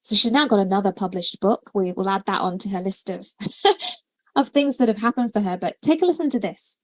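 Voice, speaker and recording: A woman's voice: medium pitch, brisk, dry recording. A woman hosting a livestream as a coach, talking casually with many fillers and restarts. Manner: chatty, many fillers and restarts, laughs often.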